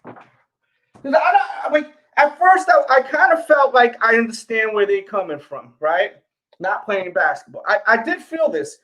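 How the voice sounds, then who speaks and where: Man with a New York accent, a fairly high voice, casual livestream host who speaks straight to viewers and keeps repeating his points. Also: sing-song, unhurried, pushed and bright. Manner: talks straight to viewers, repeats himself, pleading. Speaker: sneaker channel host.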